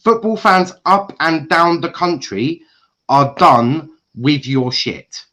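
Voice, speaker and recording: A man ranting furiously on a football livestream, swearing and shouting at club owners. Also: a little high, takes it slowly. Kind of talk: angry fan rant on a livestream.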